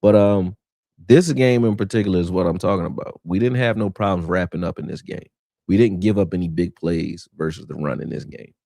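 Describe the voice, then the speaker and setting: A man hosting a casual live football film breakdown, talking in an animated, argumentative way and answering people in the chat. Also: low-pitched, fairly quick, gravelly, no echo, clean studio sound.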